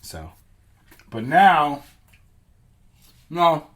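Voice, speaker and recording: Man host, slow meandering comic ramble, mid-pitched. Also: big pitch swings, a bit bright. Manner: meandering, self-correcting, profane. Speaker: podcast host. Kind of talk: rambling comedic podcast chat.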